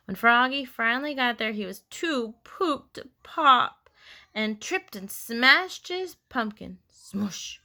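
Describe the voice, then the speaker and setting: A woman reads a children's picture book aloud, expressive and playful with her sound effects. Her voice is bright and a little high, and she reads at an unhurried pace. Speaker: storybook reader. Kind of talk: children's story read-aloud.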